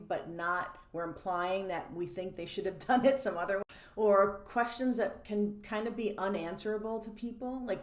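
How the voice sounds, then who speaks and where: A woman teaching as a coach in a lively, animated way, laughing between points and acting out the questions people ask. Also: medium pitch. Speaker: codependency coach. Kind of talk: teaching monologue. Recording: roomy echo.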